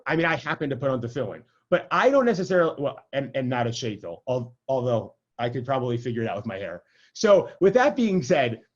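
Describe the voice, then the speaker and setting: This man's voice is mid-range, and the audio is dull. He is a rabbi teaching adults in an informal lecture by video call, keeping it conversational with frequent "right?" check-ins and jokes at his own expense.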